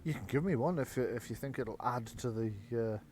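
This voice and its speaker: A man, the game master running a tabletop game, chatty and relaxed, drifting into side stories. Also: medium pitch, fairly quick.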